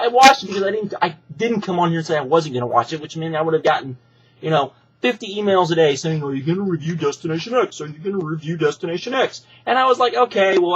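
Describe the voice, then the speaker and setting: A man's voice: high voice, fairly bright tone, husky, low-quality recording. A man giving a ranting video review, profane and exasperated, hammering his points with emphatic repetition. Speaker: wrestling show reviewer.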